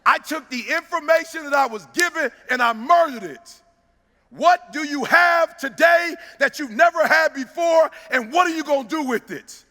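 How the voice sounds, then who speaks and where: A man with a very high, sharp voice delivers a preacher-style motivational speech, hammering his points home. He shouts some lines and stretches others into a sing-song cadence. His voice rings out with the long reverb of a big hall. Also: animated, moderate pace. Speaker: motivational speaker.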